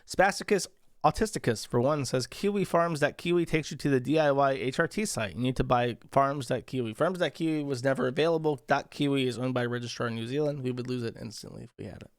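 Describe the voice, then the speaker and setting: A man's voice: medium pitch, quick pace, dry recording. Sarcastic guy reading donos on stream, swears a lot, dry close sound. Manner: crude, profane and sarcastic; reads viewer messages aloud, then riffs on them. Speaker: streamer reading viewer donations. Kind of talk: casual livestream chat.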